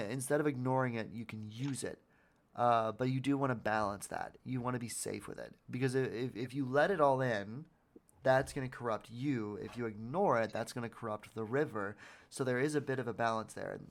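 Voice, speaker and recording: In a mid-range voice at a fairly quick clip, a man hosting a podcast speaks earnestly yet casually about motivation, repeating words as he goes and dropping the occasional swear.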